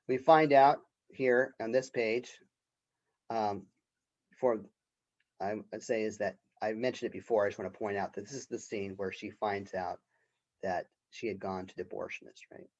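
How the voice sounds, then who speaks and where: A man's voice: on the low side, fairly even intonation, measured pace, long pauses, darkish tone, dull audio. A man lecturing on a play as a college professor, talking off the cuff with fillers and frequent "right?", and reading quoted lines with some expression. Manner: unscripted, with fillers and rhetorical "right?".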